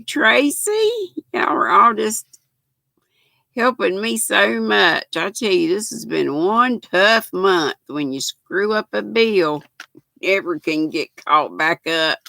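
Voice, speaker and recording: An older woman hosts a relaxed livestream, her voice gravelly with fry yet bright at the top, and she takes her time between words. She chats warmly with viewers, reads their comments, and keeps thanking them. The sound is close and dry. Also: on the low side, dry recording. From United States. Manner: chatty, thanks viewers often, laughs easily. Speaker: livestream host. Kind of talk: casual livestream chat reading comments.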